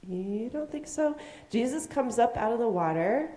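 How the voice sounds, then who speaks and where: Woman leading children's time in a sanctuary; mellow, animated storyteller, roomy echo. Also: on the high side, normal speed. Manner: animated, asks questions, acts out voices. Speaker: children's message leader. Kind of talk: children's sermon, storytelling to kids. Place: church sanctuary. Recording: echoey sanctuary.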